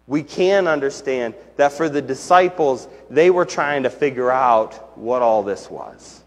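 A man's voice: fairly high pitch, very animated, takes it slowly, gravelly, husky. A man preaching a sermon as pastor, earnest and building to emphatic questions. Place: church sanctuary. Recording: long church hall reverb.

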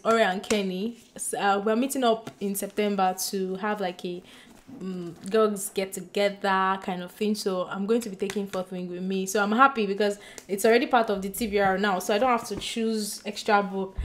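A woman chatting excitedly to her camera as a book vlogger, bubbly and giggly, gushing as she goes. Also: medium pitch, moderate pace, slight background noise. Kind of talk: excited casual vlog chat. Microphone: compact camera mic.

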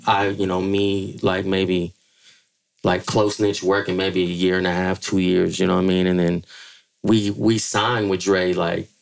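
A middle-aged man from the Bay Area telling stories as a podcast guest, profane and animated, acting out quotes in a higher voice. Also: measured pace, vocal fry. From Bay Area, California. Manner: animated, profane, acts out quotes with jumps in pitch. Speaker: podcast guest, music manager. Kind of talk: casual storytelling interview.

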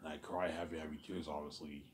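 A man talking alone in an intense, repetitive, rambling monologue, often trailing off quietly and swearing. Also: rumbling low, little pitch movement, fast. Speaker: vlogger.

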